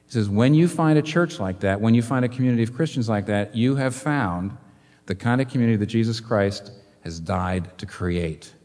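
A man preaching a sermon as a pastor, animated, firing rhetorical questions at his listeners. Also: on the low side, in a large hall.

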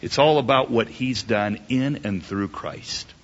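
A man preaching a sermon emphatically, asking rhetorical questions and swinging his pitch up and down. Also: a little slow. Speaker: pastor. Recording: dull lo-fi recording.

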